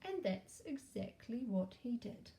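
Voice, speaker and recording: Mellow New woman teacher reading aloud to kids, slow and gentle, faint room hum. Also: a little high, very animated. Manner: gentle, slow and clear for children. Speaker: teacher reading to young children. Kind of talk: read-aloud story and sing-along.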